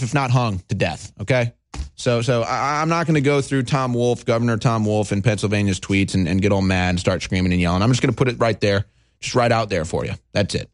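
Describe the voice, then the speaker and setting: A man's voice: lowish voice, fast talker, no room sound. A man hosting a political talk show, ranting with stammering restarts and heavy sarcasm. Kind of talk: heated political talk commentary.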